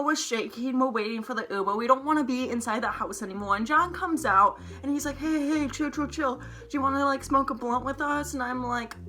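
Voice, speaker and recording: A woman's voice: a little high, sharp tone. A young woman vlogger telling a heated storytime, rambling, swearing often and saying "like" a lot. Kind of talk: storytime vlog to camera.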